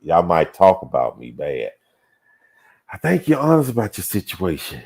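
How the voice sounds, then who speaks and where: A man's voice: low voice, huge pitch swings, normal speed, vocal fry, a little mellow, breathy edge. A man hosting a casual talk show, reading viewer comments aloud and musing on them with hums and sighs. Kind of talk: casual livestream chat.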